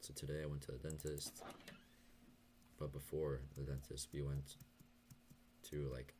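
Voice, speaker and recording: A young man talking softly and hesitantly in a late-night confessional vlog, stuttering and pausing as he goes. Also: rumbling low, flat delivery, noisy background. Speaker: vlogger.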